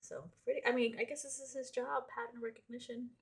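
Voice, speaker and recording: A woman's voice: fairly high pitch, little pitch movement, fast talker, gravelly, slightly rough. A woman co-hosting a podcast in casual chat, curious and full of questions. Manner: curious, asks lots of questions. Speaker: podcast co-host.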